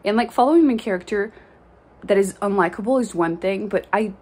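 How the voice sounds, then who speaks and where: A woman's voice: medium pitch, a little fast, a little mellow, breathy edge. A woman with a French Canadian accent, a native French speaker, chatting casually and venting in a book vlog, with frequent laughs and fillers. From Quebec, Canada. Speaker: book vlogger.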